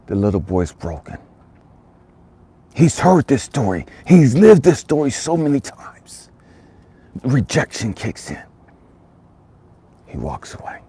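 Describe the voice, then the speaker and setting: Emphatic man with a husky, dark voice. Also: mid-range voice, sing-song, slow pace, pauses often. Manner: emphatic, repeats phrases for effect. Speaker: motivational speaker. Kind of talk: motivational storytelling talk.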